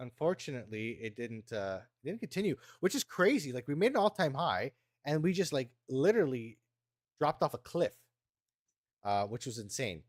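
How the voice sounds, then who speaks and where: A man co-hosting a podcast, casually walking through market charts in a halting, laid-back way. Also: mid-range voice, big pitch swings, dry recording, studio quality. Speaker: podcast co-host, market analyst.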